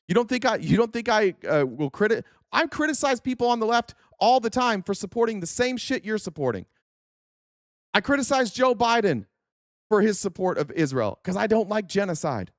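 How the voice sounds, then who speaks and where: A man's voice: high-pitched, very animated, moderate pace, dry recording, clean studio sound. A man hosting a political talk stream, ranting angrily with heavy profanity and sarcastic mock quotes while answering chat comments. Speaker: political talk show host.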